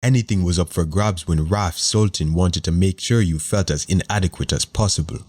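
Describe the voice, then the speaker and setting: A man narrating a fantasy audiobook in a steady, measured storytelling voice. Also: low-pitched.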